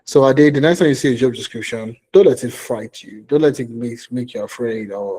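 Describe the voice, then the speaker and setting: A man's voice: mid-range voice, moderate pace, few pauses, warm tone, husky. A man with a Nigerian accent coaching job seekers in a conversational way, repeating his points and checking in with "okay?". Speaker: career coach. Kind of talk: live online coaching session.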